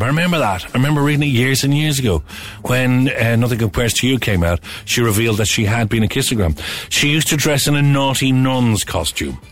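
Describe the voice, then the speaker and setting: A man's voice: mid-range voice, fairly bright tone. Chatty radio presenter man. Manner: chatty, wry asides. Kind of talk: casual radio chat.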